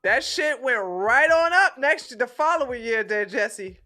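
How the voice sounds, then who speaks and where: A woman's voice: a little high, expressive, measured pace, pushed and bright, soft background music. A woman streamer giving blunt, casual commentary on a political clip, swearing freely and talking animatedly.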